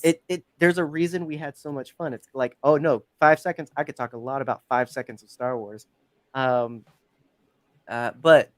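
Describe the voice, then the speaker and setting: A man's voice: medium pitch, no room sound. A man hosting a podcast, chatting casually and enthusiastically, rambling with lots of fillers. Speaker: podcast host. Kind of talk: casual chat.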